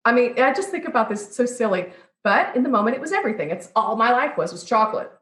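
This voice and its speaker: A woman pastry chef, a guest on an interview podcast, telling stories from her training in a lively way and acting out what other people said. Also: a little high, quick pace, soft background music. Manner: lively storyteller who acts out quoted people. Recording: roomy echo.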